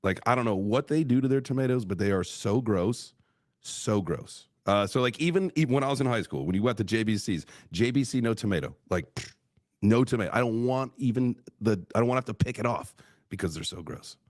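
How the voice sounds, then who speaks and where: A man's voice: on the low side, expressive, brisk, dry recording, clean studio sound. A man hosting a podcast in a casual, rambling, laid-back way, with some swearing. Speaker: podcast host. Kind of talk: casual chat.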